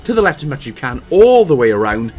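A man's voice: medium pitch, very animated, quick pace, darkish tone, faint music behind. A Welsh man giving casual, chatty commentary over a video game walkthrough, with self-deprecating, apologetic asides.

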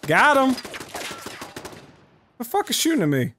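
High, excitable man swearing. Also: drawn-out words, background noise. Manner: profane, excitable, yelling at enemies. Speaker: gaming video host. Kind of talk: let's play commentary.

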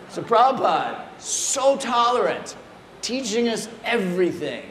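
Animated male storyteller in an echoey room. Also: on the high side, measured pace, a faint crowd. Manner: animated, playful anecdotes with acted quotes. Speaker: speaker at a temple. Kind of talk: humorous storytelling talk. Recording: echoey room, faint noise.

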